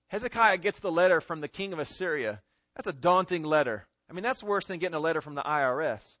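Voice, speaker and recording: A pastor preaching a sermon and reading scripture, swinging between loud emphatic stress and hushed pleading. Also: male voice, on the high side, animated, quick pace, no room sound.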